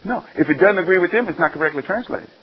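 A man from Alabama, preaching an animated sermon full of questions to his listeners. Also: high voice, quick pace. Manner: animated, call-and-response, exclaiming. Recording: dull lo-fi sound.

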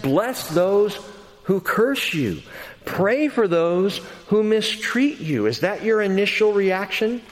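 A pastor preaching an expository sermon, earnest and emphatic, going from quiet passages to loud ones. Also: male voice, a little high. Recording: long hall reverb.

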